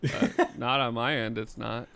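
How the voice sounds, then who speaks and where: A man co-hosting a casual podcast, dropping dry, deadpan jokes. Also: mid-range voice, a little slow, creaky, smooth. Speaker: podcast co-host. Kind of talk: casual live-streamed podcast chat.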